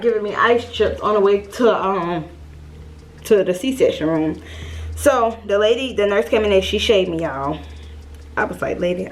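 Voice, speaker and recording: A young woman telling a storytime vlog, chatty and lively, calling her viewers y'all. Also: mid-range voice. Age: young adult. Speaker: vlogger.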